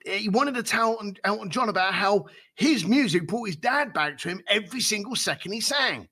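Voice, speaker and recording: A man telling stories as a podcast guest, voice set a little high and very bright. He swings his pitch widely and acts out other people's voices as he goes. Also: creaky, slightly rough. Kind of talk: storytelling in a podcast interview.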